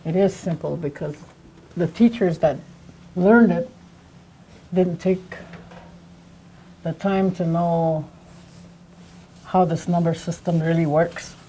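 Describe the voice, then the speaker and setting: A middle-aged woman teaching a language class, talking slowly and patiently and repeating words for her students. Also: lowish voice, dark tone, slight background noise. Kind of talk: classroom lesson.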